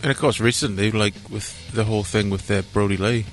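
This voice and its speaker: Fast-talking man, lowish voice. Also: steady tone, soft background music. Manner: loose and chatty, swears freely, says "like" often. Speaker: podcast co-host. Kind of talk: casual chat.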